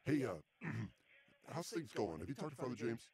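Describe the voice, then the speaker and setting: A man's voice: medium pitch, sing-song, normal speed, darkish tone, slightly rough. A man hosting a casual comedy podcast, talking in a dry, exasperated way. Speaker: podcast host. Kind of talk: casual comic chat.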